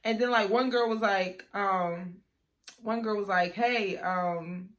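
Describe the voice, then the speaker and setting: A young woman telling a personal storytime for her channel, her voice sitting at an ordinary mid pitch. She talks loosely and conversationally, with plenty of slang and filler words as she goes. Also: measured pace, fairly bright tone. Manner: chatty, slangy, filler-heavy, lots of "like". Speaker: vlogger. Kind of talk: casual storytime.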